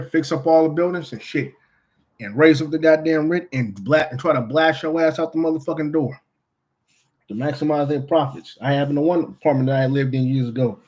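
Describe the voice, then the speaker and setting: A man's voice: a little high, a little mellow, dull audio. Profane, blunt man ranting casually. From California. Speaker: vlogger.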